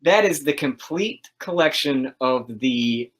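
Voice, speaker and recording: A man's voice: mid-range voice, lively intonation, takes it slowly. A man hosting a casual livestream chat, talking about comics in a rambling, enthusiastic way with lots of fillers. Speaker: host of a livestream.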